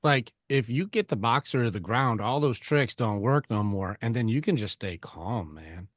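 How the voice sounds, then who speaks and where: A man's voice: mid-range voice, expressive, moderate pace, no echo. Man, coaching talk, blunt, swears, acts out arguments, dry close sound. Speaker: relationship coach. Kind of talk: coaching conversation.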